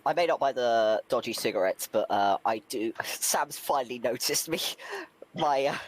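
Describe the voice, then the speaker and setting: A man playing in a tabletop game, chatting casually and animated, laughing easily. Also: medium pitch, moderate pace. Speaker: player.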